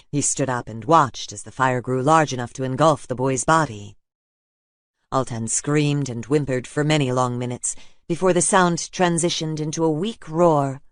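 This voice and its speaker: A man reading a fantasy audiobook in a steady, even narration. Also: mid-range voice, dry recording, studio quality.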